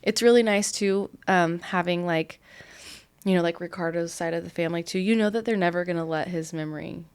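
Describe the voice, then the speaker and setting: A woman's voice: lowish voice, brisk, clear, resonant tone. A young woman hosting a podcast interview, chatting casually with frequent fillers and laughs. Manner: warm, chatty, laughs often, many "like" fillers. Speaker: podcast host.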